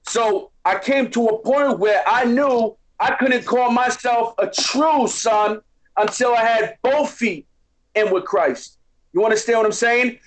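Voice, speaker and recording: Guest, middle-aged Boston man, high voice, tough street talk with a preaching lilt. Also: unhurried, low-quality recording. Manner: streetwise, preachy, keeps asking "you know what I mean?". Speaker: podcast guest. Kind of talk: casual chat.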